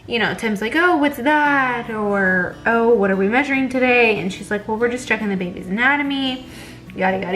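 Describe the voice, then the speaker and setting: A woman's voice: mid-range voice, sharp tone, poor audio. A young pregnant woman, chatting casually in a vlog and retelling a bad appointment with lots of fillers. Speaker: vlogger.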